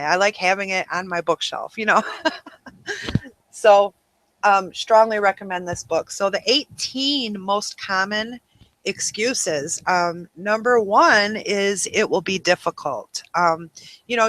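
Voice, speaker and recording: A woman hosts a webinar with a bright, forward voice. She talks casually and rambles, filling gaps with ums and you-knows. The sound is dry and close, with no room around it. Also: medium pitch, dry recording. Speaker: webinar host.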